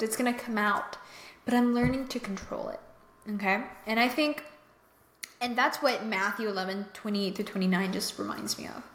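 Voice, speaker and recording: A woman's voice: fairly high pitch, fairly bright tone. A young adult woman hosting a faith-based mental health podcast, talking emphatically and earnestly and often checking in with the listener. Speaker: podcast host. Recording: echoey room.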